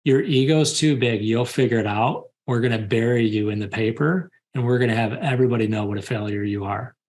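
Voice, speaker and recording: A man's voice: medium pitch, a little fast, a little mellow, close to an everyday voice. A man quoting a scornful young banker. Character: cocky young male banker, dismissive.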